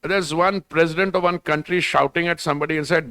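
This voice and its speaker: A man's voice: a little high, fairly even intonation, quick pace, a bit bright, dry recording. An older man with an Indian English accent, speaking as a government minister in a festival panel conversation, talking in a discursive, digressive way and dropping Hindi phrases into his talk.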